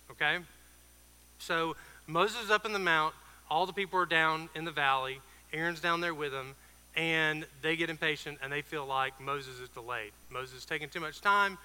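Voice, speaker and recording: A man preaching an informal sermon, retelling a Bible story in a conversational way with fillers and quick asides. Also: fairly high pitch, pushed and bright, clear, resonant tone, big-room sound.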